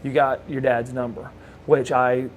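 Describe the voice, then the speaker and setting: A man's voice: mid-range voice, level tone, measured pace, a little hiss or hum. A middle-aged man with a Southern US accent telling rambling anecdotes in a casual interview, restarting phrases and laughing now and then. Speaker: interview guest, former wrestler.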